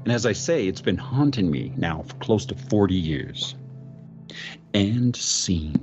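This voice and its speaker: A man doing a middle-aged storyteller recounting a ghostly encounter, voiced low and deliberate, stumbling and restarting before leaning into slow, dramatic lines. The audio is a little dull, with faint music underneath. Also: lively intonation, darkish tone. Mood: spooked. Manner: halting storyteller, stammering restarts, drawn-out dramatic phrases. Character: middle-aged man recounting an eerie roadside encounter, impression of a famous actor. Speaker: podcast host. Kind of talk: dramatic first-person retelling of a ghost story.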